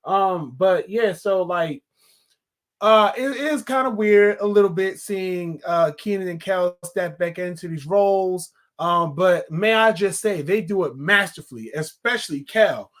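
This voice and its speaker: A man's voice: sits high, unhurried, a bit bright. A man giving a casual, rambling spoken film review, with lots of fillers and restarts.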